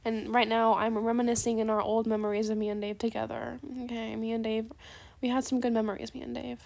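A woman giving chatty, sarcastic commentary over a trading game, gushing with gasps and dropping into soft asides. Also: fairly high pitch, level tone, fast, vocal fry. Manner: chatty, calls viewers "besties". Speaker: gaming video creator. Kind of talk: casual gameplay commentary.

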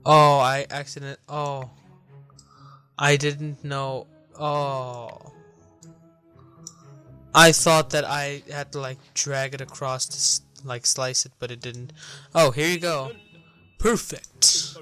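A man's voice: medium pitch, fairly even intonation, normal speed, pushed and bright, soft background music. A man hosting a casual let's-play, chatting and reading game dialogue aloud as he goes, often cutting himself off mid-word. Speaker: gaming channel host. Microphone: desk mic, no webcam.

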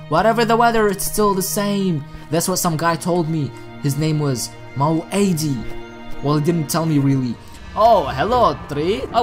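A woman giving casual let's-play commentary at her computer, excitable and chatty, often chatting to objects in the game. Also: medium pitch. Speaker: gaming channel host.

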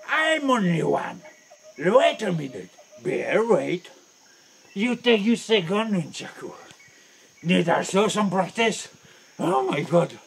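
A man speaking broken English shows off his moves in a swaggering, comic demo, swearing constantly. His voice is high, gravelly and lively, and he talks slowly. The camera audio is noisy, with crickets and insects buzzing outdoors. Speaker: martial arts show-off teaching a bear defense. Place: outdoors in nature.

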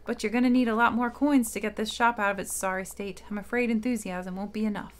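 A woman's voice: medium pitch, fairly even intonation, fast talker, natural voice. Scrooge McDuck, as a woman reads him. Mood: doubtful. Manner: reading game dialogue aloud, barely voicing it. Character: miserly old male duck shopkeeper.

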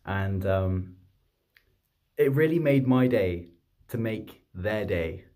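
A man, telling a story to camera in a chatty, rambling, excitable way. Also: lowish voice, takes it slowly. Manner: chatty, rambling, excitable, with many fillers and restarts. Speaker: vlogger and streamer.

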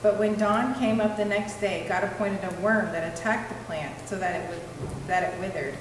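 A woman reading a scripture passage aloud in a steady, measured way. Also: medium pitch. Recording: distant mic in an echoey hall with room noise.

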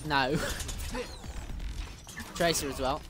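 A man's voice: fairly high pitch, normal speed. A man with a British accent joking and making callouts while playing a team shooter with a friend. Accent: British English. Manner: jokey, swears mildly, excitable callouts. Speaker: gamer streaming with a friend. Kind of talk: casual gaming banter.

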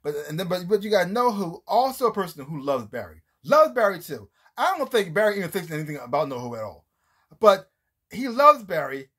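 A man's voice: high-pitched, very animated, brisk, bright, forceful tone, husky. A man giving a casual, rambling review of a TV series, often restarting his sentences and acting out scenes as he retells them. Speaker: TV show reviewer.

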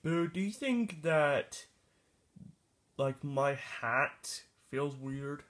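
A performer voicing a dopey plush Luigi toy that speaks slowly and flatly in a homemade plush video. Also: mid-range voice.

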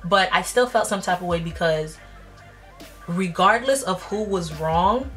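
A woman in her twenties telling a personal story in a casual vlog, blunt and slangy, jumping up in pitch when she acts out quotes. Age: 20s. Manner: animated, jumps up in pitch when acting out quotes; slangy, blunt, self-mocking. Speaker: vlogger.

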